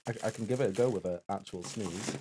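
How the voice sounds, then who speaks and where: A man co-hosting a live game stream who reads out scores and chats in a plain, unhurried way. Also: lowish voice, warm tone, a little hiss or hum. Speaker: co-host and scorekeeper. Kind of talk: casual live-stream banter.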